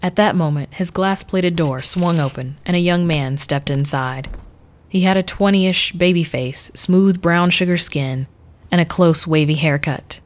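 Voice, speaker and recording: A woman reading a dark fantasy story aloud in a measured, even voice. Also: on the low side. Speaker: narrator. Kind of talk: scripted story narration.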